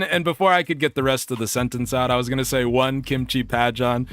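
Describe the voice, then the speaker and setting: A man streamer telling a story casually and reading chat, animated and laughing often. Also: measured pace, clear, resonant tone, faint music behind. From United States. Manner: animated, laughs often, jumps up in pitch for quoted bits.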